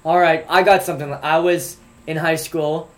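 Male co-host, high voice, jokey storyteller, casual chat. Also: normal speed. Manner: animated, joking storyteller. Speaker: podcast co-host.

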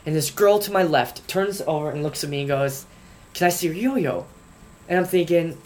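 A young man in college telling a funny story in casual chat, animated and rising to outraged bursts. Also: fairly high pitch, normal speed. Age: young adult. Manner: animated storyteller, voice jumps up when acting outraged.

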